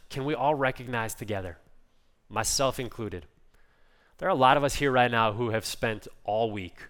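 A male pastor delivering a conversational sermon, telling stories and swinging between loud emphasis and soft quiet passages. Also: mid-range voice.

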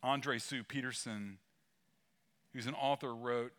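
A male pastor delivering a sermon with a bright, forceful voice. He talks in a conversational way, leaning hard on key words and slipping in humorous asides. His pitch sits in an ordinary middle range for a man. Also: animated, normal speed.

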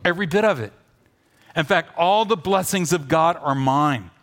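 A man pastor preaching a sermon, telling a story with animated swings between loud urging and quiet asides. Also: on the high side, moderate pace.

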